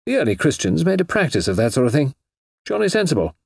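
A man voicing a breezy, unflappable young gentleman writer who speaks pleasantly and matter-of-factly, with a husky voice. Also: on the high side, big pitch swings, quick pace, dry recording, clean studio sound, pitched above the performer's own voice, exaggerated voice. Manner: pleasant, jaunty and matter-of-fact.

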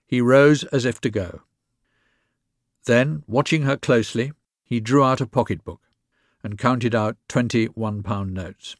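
A man reading a story aloud in a measured, even narration. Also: medium pitch, no echo, clean studio sound. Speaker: reader.

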